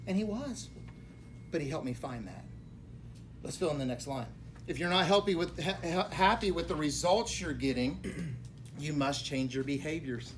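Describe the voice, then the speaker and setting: A man giving a motivational talk to a group of realtors, telling a personal story dramatically, dropping to hushed tones and then bursting out loudly. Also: animated, moderate pace, long pauses, a little hiss or hum. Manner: dramatic, swings between hushed low tones and loud outbursts. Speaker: mortgage lender speaking to realtors. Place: real estate office meeting room.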